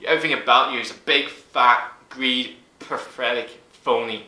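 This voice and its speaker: Angry guy in his 20s ranting on his vlog, swears loads, bright edgy tone, echoey room. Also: mid-range voice, fairly even intonation, normal speed. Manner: furious, swearing, emphatic. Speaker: YouTuber.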